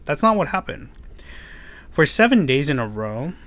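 A man's voice: a little high, very animated, moderate pace, fairly bright tone, no room sound. Casual male children's preacher. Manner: casual retelling with many fillers; asks listeners rhetorical questions. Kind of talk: storytelling sermon for kids.

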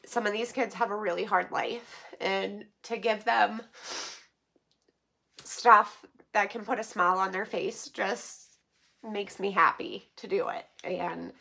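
A woman's voice: medium pitch, steady tone, slow, creaky, pushed and bright, slightly rough. A woman vlogging as she opens donations, chatty with many fillers and near tears with gratitude. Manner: emotional, near tears, laughing through it. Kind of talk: casual vlog chat.

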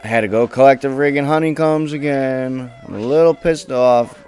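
A young man commentating his own gameplay casually, swearing often and bursting into frustrated shouts. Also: mid-range voice, moderate pace. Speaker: let's play gamer.

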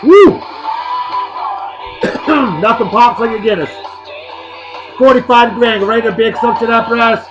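A man's voice: very high-pitched, moderate pace, pauses often, lo-fi sound, over music. A man, hosting a casual beer-review vlog in a boisterous, joking, rambling way. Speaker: host.

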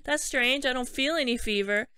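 A woman voicing a suspicious, sharp-tongued young woman who scoffs in disbelief. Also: high voice, normal speed, smooth, no room sound. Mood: doubtful. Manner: scornful, disbelieving.

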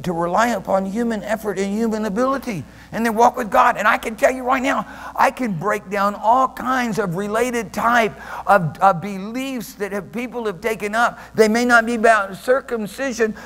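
Brief: male pastor, high voice, animated sermon delivery, long church reverb. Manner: animated preaching, swinging from soft murmurs to loud shouts; laughs often while preaching. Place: church sanctuary.

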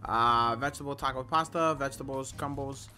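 Young man, food-tasting vlogger, bright voice, slangy, exaggerated reactions, faint music behind. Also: medium pitch, steady tone, fairly quick. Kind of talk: casual food review vlog. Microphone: camera or phone.

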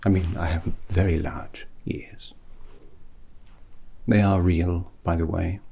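A man voicing an eccentric, rambling British hat maker with a British accent in whispered role-play, soft and breathy, pompous and full of puns. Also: deep voice, level tone, slow pace, exaggerated voice. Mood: fussy. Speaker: milliner.

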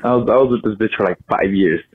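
A man's voice: fairly low pitch, fast, husky, dry recording. Crude young man on a tinny voicemail. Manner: crude, boastful, profane. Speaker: caller. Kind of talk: voicemail story.

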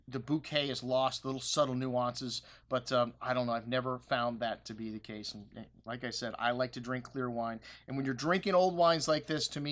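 A man's voice: medium pitch, a bit bright. A man hosting a wine shop video, talking in a loose, chatty way with plenty of fillers and asides. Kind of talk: casual video promo talk. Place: wine store.

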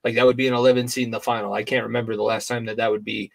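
A man's voice: medium pitch, little pitch movement, racing, gravelly. A man from Long Island co-hosting a sports podcast, joking around and asking his partner questions in a casual chat. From Long Island, New York. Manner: joking, asks questions, does mock impressions. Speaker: podcast co-host.

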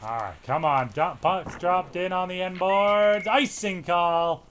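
A young man giving casual play-by-play commentary on a hockey video game, muttering between plays and yelling when the action heats up. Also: high voice, takes it slowly, a little hiss or hum. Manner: swings from muttering to shouting at big plays. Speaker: let's play host.

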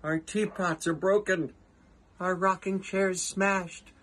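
A man's voice: high-pitched, flat delivery, takes it slowly, a bit bright, a little hiss or hum, voice pushed up. A man voicing a fretful, tiny male mayor who complains of his troubles in a raised voice. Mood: rattled. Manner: rattled, complaining.

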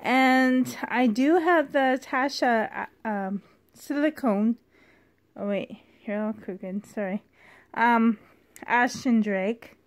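Slow, gushing woman doll vlogger. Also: fairly high pitch. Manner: rambling, gushing and apologetic. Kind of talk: casual show-and-tell vlog.

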